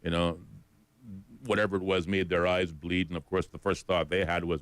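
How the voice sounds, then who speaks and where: A man co-hosting a radio show talks in a low voice with a smooth, resonant tone. His banter is easygoing and he reads out the studio time and number between remarks. The sound is dry and close-up. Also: level tone, normal speed, fairly bright tone, dry recording. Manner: chatty, gives studio time and phone number. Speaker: radio co-host.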